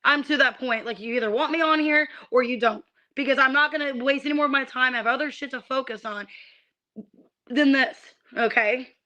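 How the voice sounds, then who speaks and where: High bright-voiced tarot reader woman. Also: brisk, highs cut off. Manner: irritated ranting, swears, stammers on restarts. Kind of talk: livestreamed tarot reading.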